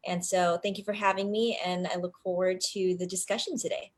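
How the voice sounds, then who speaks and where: A woman's voice: lowish voice, fairly even intonation, fairly quick. Hesitant woman panelist on a video call. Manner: hesitant, with fillers and restarts. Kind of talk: online panel discussion.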